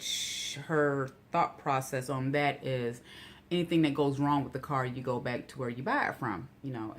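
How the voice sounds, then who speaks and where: A woman vlogger with a bass voice tells a meandering, casual story packed with "you know" asides. When something outrages her, she becomes animated and incredulous.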